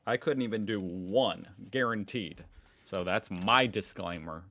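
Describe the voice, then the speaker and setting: A man's voice: fairly low pitch, a little slow, pushed and bright. An American man hosting a reaction video, chatting casually with jokey, self-mocking asides. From United States.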